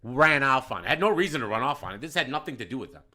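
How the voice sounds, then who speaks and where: A young man who runs a bar, telling a profane story that swings from low mutters to loud outbursts. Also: lively intonation, rapid-fire. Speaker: bar manager.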